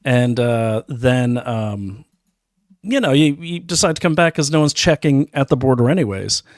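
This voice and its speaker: Quick, joking male host. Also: medium pitch, no echo, studio quality. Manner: incredulous, jokey, quick asides. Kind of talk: casual interview talk.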